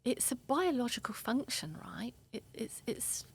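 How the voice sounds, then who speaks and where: A woman therapist speaking in an interview, explaining emotions in a soft, earnest way. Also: a little high, sing-song, a little slow, breathy edge. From England. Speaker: therapist guest.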